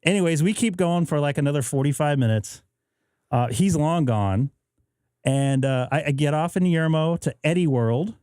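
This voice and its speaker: A man's voice: fairly high pitch, moderate pace, dark tone, smooth, dry recording, clean studio sound. A man hosting a live stream, chatting casually and acting out both sides of a story. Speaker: host. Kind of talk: casual chat. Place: home radio shack.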